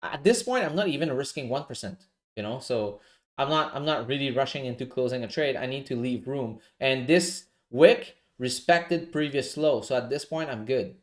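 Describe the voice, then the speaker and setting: A man with a non-native English accent, coaching viewers through trades in a relaxed, casual livestream and often checking in with "right?". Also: mid-range voice, normal speed. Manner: relaxed, explanatory, often adds "right?" and "you know?". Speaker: forex trading coach. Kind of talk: casual live trading walkthrough.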